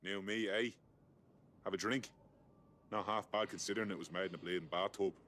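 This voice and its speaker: An actor playing a weary, jaded detainee with a British accent, talking in a gruff, bitter, confiding way. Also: male voice, deep voice, steady tone, brisk, sharp tone.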